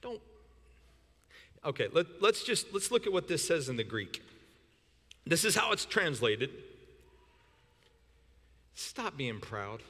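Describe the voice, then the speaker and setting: Animated male pastor in an echoing hall. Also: a little high, unhurried, long pauses. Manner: animated, repeats words, shouts for emphasis. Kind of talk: sermon. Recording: long reverb in a hall.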